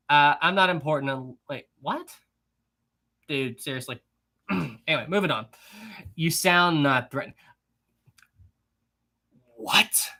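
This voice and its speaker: Male livestream host: casual, giggly, rambling, bright tone. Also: fairly high pitch. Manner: chatty, giggly, rambling with many restarts. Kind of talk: casual livestream chat, reading super chats.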